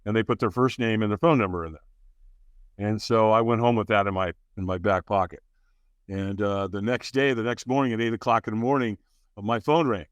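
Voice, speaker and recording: He's in his sixties, a podcast guest speaking briskly in a fairly low voice with fairly even intonation, and there's no room sound. In this candid interview he frankly and earnestly recounts his life, using fillers and restarts and acting out quotes.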